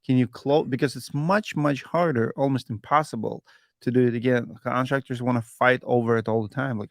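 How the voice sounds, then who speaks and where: A man hosting a podcast, asking questions in a halting way, dropping small words. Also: mid-range voice, fairly even intonation, no room sound, clean studio sound. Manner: asks questions, drops articles, halting. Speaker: podcast host. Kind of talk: casual podcast interview.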